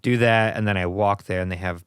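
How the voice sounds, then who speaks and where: Low-voiced chatty man, dry sound. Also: fairly even intonation, fairly quick, fairly bright tone, smooth, no echo. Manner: rambling, chatty storyteller who laughs easily. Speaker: podcast host. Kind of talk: casual chat.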